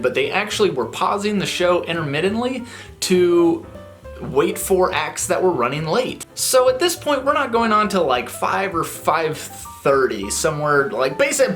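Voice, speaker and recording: A man who sings and plays guitar in a touring band, telling a story to camera in casual, slangy talk and laughing as he goes. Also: fairly high pitch. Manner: animated, laid-back slang, laughs while telling.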